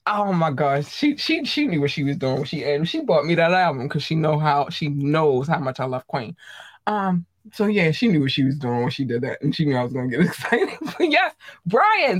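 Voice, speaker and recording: A host of a live streamed show, chatting casually with viewers, excitable and gushing, tripping over words. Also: medium pitch, moderate pace, dry recording. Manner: addresses viewers directly, chatty.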